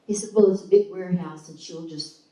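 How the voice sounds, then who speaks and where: A woman's voice: fairly low pitch, fairly even intonation, fairly quick, mellow. A middle-aged woman shares a personal testimony at a church gathering, voicing the people in her story with strong emotion. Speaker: guest speaker sharing a testimony. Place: church hall. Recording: echoey hall, mic at a distance.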